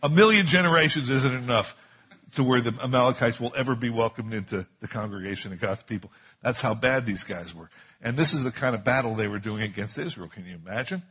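A man's voice: medium pitch, fast talker, bright, forceful tone, slightly rough. A man preaching a sermon as a pastor, emphatic and repeating key phrases for stress.

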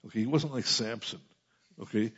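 A middle-aged man preaching a conversational sermon, building to emphatic peaks and dropping into quiet asides. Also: lowish voice, fairly quick, breathy edge. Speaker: pastor. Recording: muffled lo-fi sound.

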